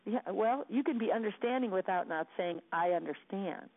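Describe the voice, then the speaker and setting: A woman's voice: mid-range voice, brisk. A woman coaching her listeners in an earnest, sincere, repetitive way. Her voice comes through a thin, phone-like channel with narrow range. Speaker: sales coach. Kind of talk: motivational coaching talk. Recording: tinny phone-line sound.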